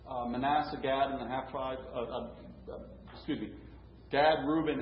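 Male preacher, slightly high voice, conversational sermon, echoey lo-fi recording with faint noise. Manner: conversational, rhetorical questions, frequent restarts. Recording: roomy, dull, lo-fi with faint hum.

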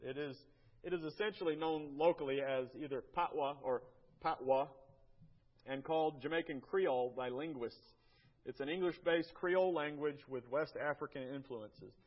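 An American man gives a slideshow talk to a church group in a folksy, halting way, often stumbling over and repeating words. His voice sits a little high, and the recording is muffled and lo-fi. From United States. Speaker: church mission trip presenter.

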